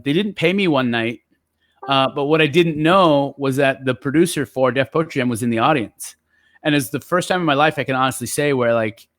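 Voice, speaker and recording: A man telling stories in relaxed, casual chat as a guest poet, with lots of fillers. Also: mid-range voice, no echo, studio quality. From San Jose area. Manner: relaxed, chatty storyteller with many fillers.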